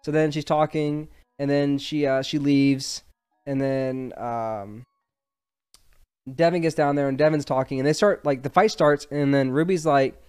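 A man's voice: on the high side, a little slow, a little mellow, smooth. A young man hosting a podcast, retelling a story in casual, rambling chat full of fillers. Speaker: podcast host.

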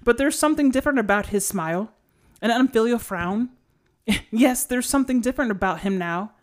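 A woman's voice: a little high, lively intonation, brisk, close to an everyday voice. A woman putting on an exaggerated, poor Irish accent to recite the lyrics of a sad clown song in a sing-song way. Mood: wistful, mocking. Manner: sing-song storytelling, breaking into laughs. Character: woman telling a sad clown's tale in a put-on Irish lilt.

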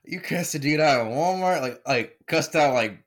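A man's voice: fairly high pitch, lively intonation, normal speed. A man co-hosting a podcast in casual chat, laid-back and prone to repeating phrases. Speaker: podcast co-host.

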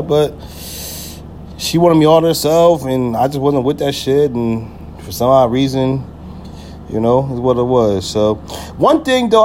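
A man's voice: fairly high pitch, darkish tone, slight background noise. A man hosting a podcast, telling a personal story in a loose, profane way, full of slang and fillers like "you feel me". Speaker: podcast host. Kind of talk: casual storytelling monologue.

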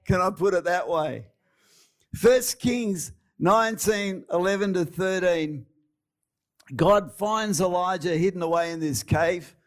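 Brief: Australian male preacher, fairly high voice, casual and dramatic by turns. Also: takes it slowly. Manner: chatty, laughing asides, dramatic storytelling. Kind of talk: sermon.

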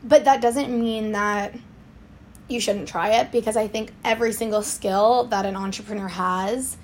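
A young woman, telling a lively story in a casual podcast chat. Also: medium pitch, a little hiss or hum. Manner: animated storytelling, quick swings in loudness. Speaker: swim school owner, guest.

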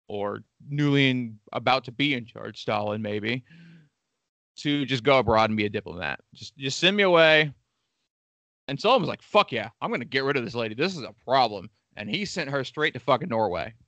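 A man hosts a casual history podcast, his voice bright and forward. He tells the story loosely, tossing in irreverent, profane jokes. The sound is dry and close, with no room around it. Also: mid-range voice, no echo. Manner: irreverent, joking asides with profanity. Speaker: podcast co-host.

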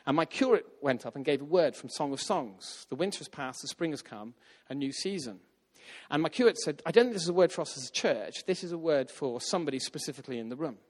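A man's voice: fairly high pitch, fast. Man preaching in a reverberant hall. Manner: animated, acts out quoted voices. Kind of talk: storytelling sermon.

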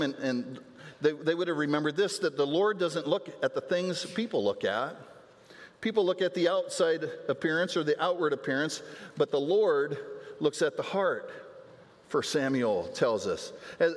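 A man delivering a sermon as pastor, in a voice pitched somewhat high for a man. He talks earnestly and often doubles a word as he restarts a phrase. His voice rings with the long reverb of a large church hall. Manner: earnest preaching with repeated words and restarts. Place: church sanctuary.

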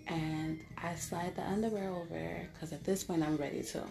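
A woman's voice: lowish voice, steady tone, normal speed, creaky, music in the background. A woman telling a candid story to her viewers in a casual, blunt way, with a lot of "like". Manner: candid, blunt, heavy use of filler "like".

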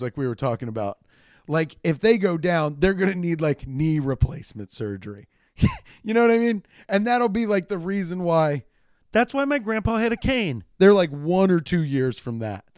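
A young man telling a rambling, profane comedic story, acting out the people in it with shouted quotes. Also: on the high side, big pitch swings, moderate pace, clean tone, no echo, studio quality.

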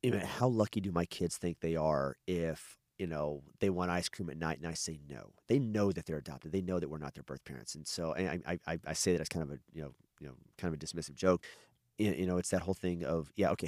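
A man's voice: sits low, fast talker, darkish tone, dry recording, clean studio sound. A middle-aged man, an adoptive father, talking candidly and rambling in a casual podcast conversation. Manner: candid, rambling, frequent restarts and swearing.

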